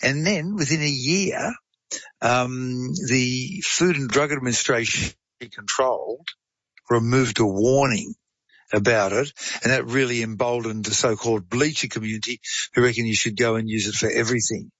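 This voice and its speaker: A man's voice: mid-range voice, moderate pace, fairly bright tone, no room sound, highs cut off. A man explaining medical science in a casual, chatty way, digressing into stories and asides.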